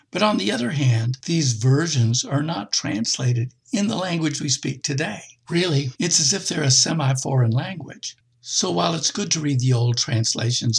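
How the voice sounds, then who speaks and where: A middle-aged man preaching a conversational sermon, with expressive jumps in pitch. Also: creaky, slightly rough.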